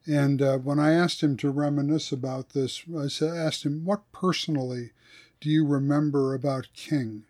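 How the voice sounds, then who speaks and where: A man, a theologian, talking through ideas in a thoughtful podcast discussion and reading quotes slowly. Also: fairly high pitch, fairly even intonation, darkish tone.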